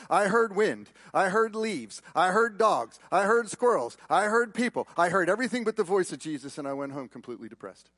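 A male pastor preaching a sermon, telling personal stories with repeated words and shifting from loud emphasis to hushed tones. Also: high-pitched, expressive, dry recording. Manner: storytelling with repeated words and quick asides. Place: church.

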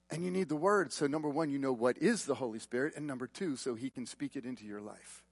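A male pastor preaching a sermon, telling personal stories with repeated words and shifting from loud emphasis to hushed tones. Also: on the high side, no echo. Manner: storytelling with repeated words and quick asides. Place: church.

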